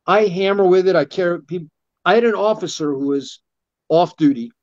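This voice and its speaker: A middle-aged martial arts instructor, appearing as a guest in a casual storytelling interview, rambles through animated anecdotes, wandering from tale to tale and slipping into the voices of the people in them. His pitch is slightly raised and his speed normal. The recording is dull, lo-fi, close and dry with no room sound.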